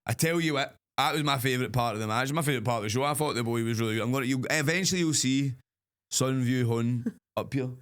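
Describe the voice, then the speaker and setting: Young man, podcast co-host, casual storytelling, swearing, acted-out sound effects, lively pitch. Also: quick pace. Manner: animated, acts out scenes with swearing and sound effects.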